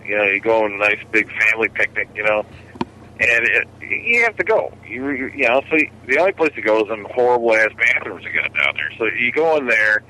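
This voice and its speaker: Blunt guy chiming in, bright edgy voice, kinda low. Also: lively intonation, brisk, a little hiss or hum, poor audio. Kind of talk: casual chat.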